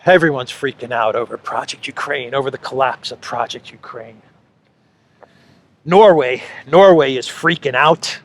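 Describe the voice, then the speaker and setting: A man's voice: mid-range voice, normal speed. Sarcastic man hosting political commentary. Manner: sarcastic, repeats phrases for effect. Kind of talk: solo political commentary monologue.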